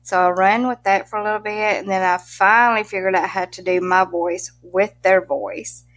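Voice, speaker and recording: Her voice mid-range, steady, and fairly bright at a moderate pace, a middle-aged pet content creator from Mississippi talks casually as an interview guest. Her heavy Southern accent comes with frequent laughter and country expressions.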